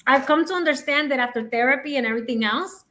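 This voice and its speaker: High-pitched woman co-host, frank and emphatic in relaxed conversation. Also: fast. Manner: frank, emphatic, laughs often. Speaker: podcast co-host. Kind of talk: candid casual chat.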